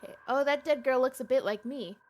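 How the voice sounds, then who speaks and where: A woman's voice: sits high, quick pace, noisy background. A woman streaming a game live, chatting casually and reading game text aloud.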